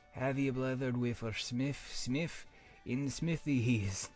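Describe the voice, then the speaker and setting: A man voicing gruff male dwarf villagers in a vague put-on accent, reading the game text aloud and stumbling. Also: medium pitch, animated, slow, soft background music, voice pushed up. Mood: hearty.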